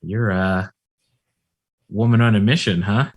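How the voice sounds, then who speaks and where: A man playing a sly, slick male tour guide who talks smoothly and puts on a show. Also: on the low side, fairly even intonation, unhurried. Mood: smooth-talking. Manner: smooth-talking, showy.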